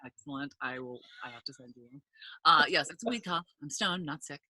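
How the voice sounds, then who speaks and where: A woman telling a funny story in a casual chat, animated and loud when she acts out quotes, swearing freely. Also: low-pitched, brisk, no room sound. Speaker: podcast guest, cannabis entrepreneur.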